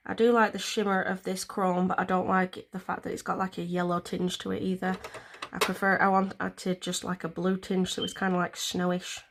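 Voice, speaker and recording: A woman's voice: fairly low pitch, level tone, brisk, vocal fry, hardly any pauses. A woman vlogger, explaining a nail tutorial in a chatty, rambling way with plenty of fillers. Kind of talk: casual step-by-step tutorial.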